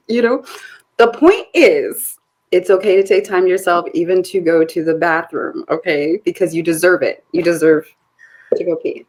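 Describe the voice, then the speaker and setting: A woman's voice: medium pitch, expressive, moderate pace, slightly rough. A woman in her forties co-hosting a podcast in a chatty, rambling way, laughing often. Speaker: podcast co-host. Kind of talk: casual podcast chat.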